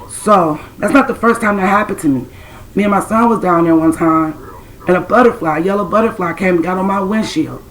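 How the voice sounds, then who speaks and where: A woman's voice: fairly low pitch, fairly quick, low-quality recording. A woman telling a personal spiritual story to her viewers in a casual, blunt, streetwise way, cursing now and then. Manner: blunt and streetwise, swears, talks straight to the camera's audience. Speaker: self-described spiritual intuitive.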